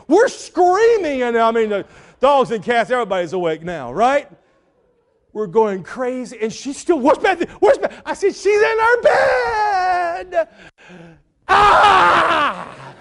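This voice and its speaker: A middle-aged man preaching, telling a lively family story and shouting the quoted lines. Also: very high voice. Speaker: pastor. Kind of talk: sermon storytelling.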